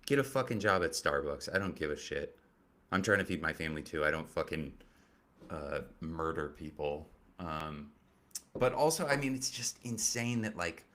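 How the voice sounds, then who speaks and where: Man, low voice, comedian host, profane, rambling, sarcastic commentary. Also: sharp tone. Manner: profane, rambling and sarcastic, with many fillers and restarts. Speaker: stand-up comedian hosting a commentary show. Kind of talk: casual political comedy commentary.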